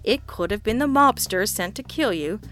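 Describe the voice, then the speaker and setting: A woman reading the lines of a wry, deadpan male detective partner in an audiobook, with dry, offhand quips. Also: mid-range voice, moderate pace, faint music behind, close to an everyday voice.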